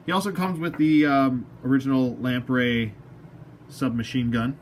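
A man's voice: medium pitch, steady tone, moderate pace. A man chats through a toy unboxing at his desk, rambling along with jokey, self-mocking asides and the odd word to the figure in his hands. His voice sits in a middle range, with a faint room hum behind him. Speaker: toy collector reviewer. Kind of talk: casual unboxing review.

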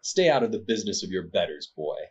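A man's voice: low voice, sing-song, quick pace, slightly rough, dull audio, exaggerated voice. A man voicing a haughty, rude nobleman who sneers at and berates the people around him. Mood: scornful.

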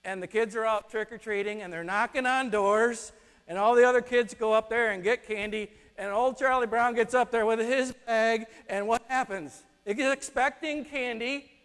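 A man preaching a sermon, telling stories with lively acted-out quotes. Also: extremely high pitch, normal speed, clear, resonant tone. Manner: animated storytelling, acts out quotes. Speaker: pastor. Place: church sanctuary. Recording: long reverb of a church hall.

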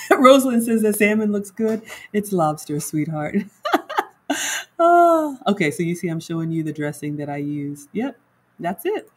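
A woman's voice: medium pitch, big pitch swings, moderate pace, a little mellow, husky, low-quality recording. A woman home cook chatting casually on a livestream, walking viewers through her cooking and reading their comments aloud.

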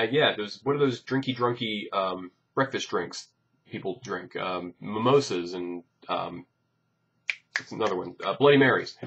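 A man, a bassist, chatting casually to his followers about upcoming gigs, rambling and joking with many fillers. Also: a bit bright, husky, highs cut off. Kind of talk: casual chat to camera.

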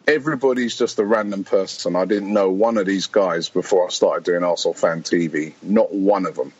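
A fan channel founder guests on a podcast, rambling casually through stories, quoting people, and laughing often. He speaks a little fast in a low-pitched, slightly rough voice, and the audio has its highs cut off.

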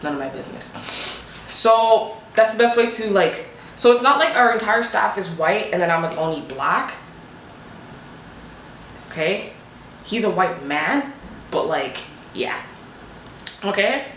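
A young woman telling a storytime vlog, animated and emphatic, firing off rhetorical questions, on a desk microphone at home. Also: medium pitch, measured pace, pauses often, a little hiss or hum. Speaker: vlogger. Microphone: desk USB microphone. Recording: roomy echo.

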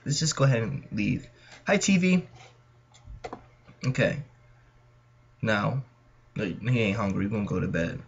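Gravelly Californian man narrating a game. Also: medium pitch. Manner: jittery, chatty, talks to viewers. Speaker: gaming channel host. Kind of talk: horror game commentary. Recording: dull lo-fi mic.

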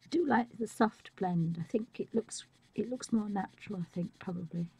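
A woman talks through a live drawing tutorial in a soft, husky voice that often drops to a half-whisper. Her voice is slightly squeaky and rough-edged, and her pitch sits in an ordinary middle range. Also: moderate pace. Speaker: art tutorial host.

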